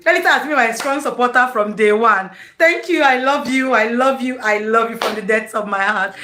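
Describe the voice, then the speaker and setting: A woman with a Nigerian English accent hosting her own live stream in casual chat, excitable and effusive, laughing often. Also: a little high, brisk, roomy sound.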